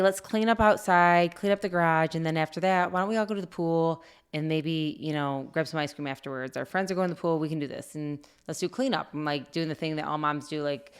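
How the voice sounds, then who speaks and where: Woman co-host, middle-aged, chatty storyteller; resonant, clear tone. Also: sits low. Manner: animated storyteller, many fillers. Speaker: podcast co-host. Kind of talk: casual storytelling chat.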